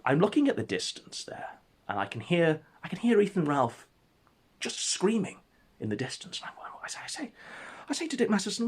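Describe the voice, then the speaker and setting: A man telling an absurd comic story in a mock-epic, deadpan way. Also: on the high side, brisk, husky. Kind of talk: comedic storytelling.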